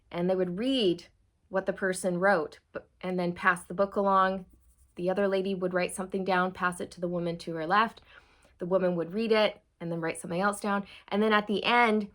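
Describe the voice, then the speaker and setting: A woman talking to camera in a chatty, animated way as she gives a channeled tarot reading to her viewers. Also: mid-range voice. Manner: chatty, animated, addresses viewers as "you guys". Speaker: tarot reader.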